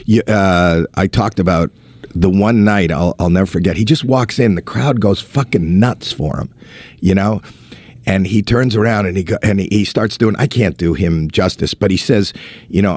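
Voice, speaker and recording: A man telling comedy stories as a guest, animated, swearing freely and acting out quotes. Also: sits low, moderate pace, no echo. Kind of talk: casual storytelling.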